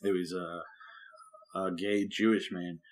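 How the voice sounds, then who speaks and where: A man who is a pastor and podcast co-host, talking casually in rambling, animated bursts full of restarts. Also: low-pitched, slow. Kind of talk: casual chat.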